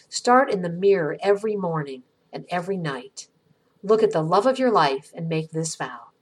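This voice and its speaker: A middle-aged woman hosts an inspirational podcast and reads a scripted reflection in a gentle, earnest way, with slow pauses. Her voice is husky and sits fairly low for a woman. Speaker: podcast host.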